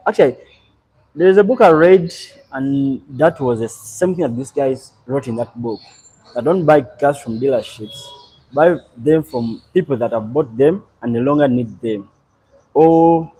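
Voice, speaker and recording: A young man talks loosely on his live stream, with a husky, slightly breathy voice. He rambles and answers viewers' comments in an easy, unhurried manner. His voice sits at a middling pitch. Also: mellow, poor audio. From Uganda. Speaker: livestream host. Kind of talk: casual live stream chat.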